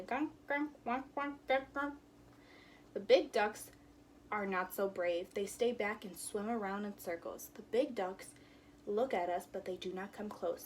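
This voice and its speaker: A woman's voice: mid-range voice, a little mellow. Woman teacher reading aloud to young kids, playful with the sound words, mid-range voice, slight background noise. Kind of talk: storybook read-aloud with sound effects.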